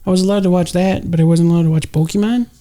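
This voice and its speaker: A man with a Mexican-American accent co-hosting a casual podcast, making wry, deadpan asides. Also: sits high, rapid-fire. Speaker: podcast co-host. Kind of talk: casual chat.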